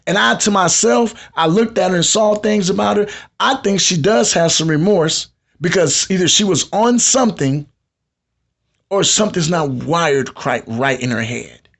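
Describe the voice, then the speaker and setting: A man with a fairly high voice, hosting a live podcast. He lectures his audience in a conversational, preachy tone and talks straight to them. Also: normal speed, vocal fry, a bit bright. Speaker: podcast host.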